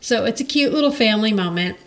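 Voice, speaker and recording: Woman cohost with a slightly high voice, chatty, just talking through tv scenes. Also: animated, quick pace. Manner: chatty, retells scenes with frequent laughs. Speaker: podcast co-host. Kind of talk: casual chat recapping a sitcom episode.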